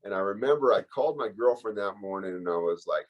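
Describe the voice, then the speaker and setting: A man speaks at a recovery workshop, sharing his own story openly. His voice sits a little low, and he talks in a loose, rambling way with plenty of fillers. The feeling stays close to the surface. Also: lively intonation, fast talker, hardly any pauses, poor audio. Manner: candid, emotional, rambling with fillers. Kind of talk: personal recovery share.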